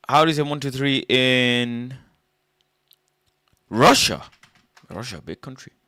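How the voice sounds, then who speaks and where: A young man hosting a casual livestream, thinking out loud in an animated way and breaking into loud shouts. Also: mid-range voice, moderate pace, clear, resonant tone, dry recording, studio quality. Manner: animated, musing aloud, loud shouted bursts. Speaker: livestream host.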